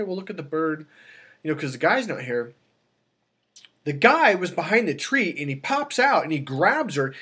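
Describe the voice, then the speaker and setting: A man coaching on dating, telling a long personal story in a casual way and acting out the people in it with sudden high exclamations. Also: breathy edge. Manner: animated, acts out quotes with sudden high exclamations.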